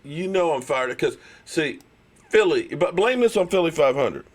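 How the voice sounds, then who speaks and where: A man with a straining voice hosts a live sports stream, loud and fired up, teasing rival fans. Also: fairly high pitch, expressive, moderate pace.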